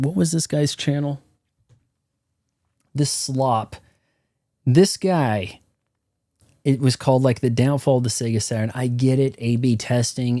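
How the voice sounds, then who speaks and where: A streamer rants through his gameplay commentary, profane and opinionated. His voice is mellow and dark, and it sounds dry and close. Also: medium pitch, dry recording. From United States.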